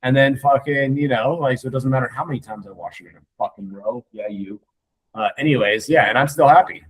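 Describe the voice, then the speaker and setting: A man's voice: medium pitch, fast, husky, rough recording. Man, casual meeting chat, swears a lot, rambling, laughs often. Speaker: meeting participant. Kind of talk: casual group discussion.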